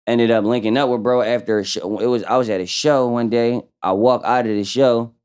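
A man's voice: mid-range voice, fairly even intonation, brisk, darkish tone, smooth. A man guesting on a podcast, telling stories in a loose, slangy way with lots of fillers. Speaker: rapper guest. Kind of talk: casual podcast storytelling.

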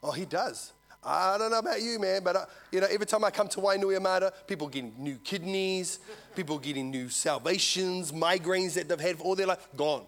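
A man preaching a sermon, telling a story and swinging from loud to hushed. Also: high voice, fairly quick. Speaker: visiting preacher.

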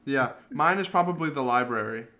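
Man, sheepish, joking, lively voice, casual group game. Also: mid-range voice, fairly quick. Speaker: guest player.

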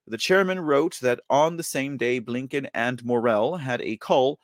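Gravelly-voiced man rambling. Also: medium pitch, dry recording. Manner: rambling, repeats phrases, many fillers; reads news excerpts aloud. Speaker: podcast host. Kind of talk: casual political commentary.

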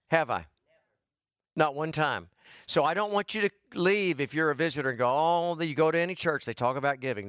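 A pastor preaching a sermon in a folksy, easygoing way. He drops in joking asides to his congregation. His voice sits a little high for a man, and it sounds close and dry. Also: fairly bright tone, no echo.

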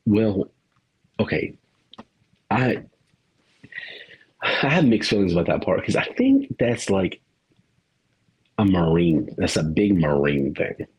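A man's voice: low voice, sing-song, slow pace, pauses often, darkish tone, husky, highs cut off. A man co-hosting a podcast in casual chat, rambling, trailing off mid-thought and laughing often. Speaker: podcast co-host.

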